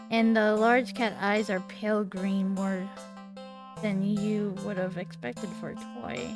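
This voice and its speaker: A woman in her twenties reading a text game aloud while she plays, with small slips and quick self-corrections. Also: medium pitch. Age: 20s. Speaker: gaming video creator.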